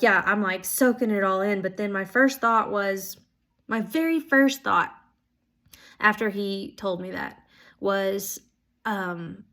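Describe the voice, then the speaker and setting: Young woman, earnest personal vlog update, gushing and rambling, mid-pitched voice. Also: fairly bright tone. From Oklahoma. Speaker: Bible school student.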